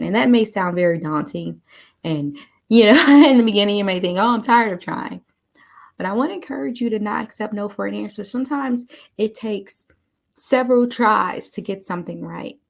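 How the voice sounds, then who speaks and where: A woman telling a story to encourage listeners, animated and chatty, often calling them "you all.". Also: mid-range voice, gravelly. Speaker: motivational speaker. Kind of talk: casual motivational storytelling.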